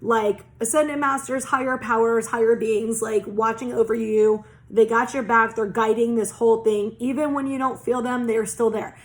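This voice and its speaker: A woman's voice: on the high side, steady tone, moderate pace, few pauses. A woman giving a casual oracle card reading, chatty and rambling, full of "like" fillers and casual swearing. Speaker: psychic oracle card reader.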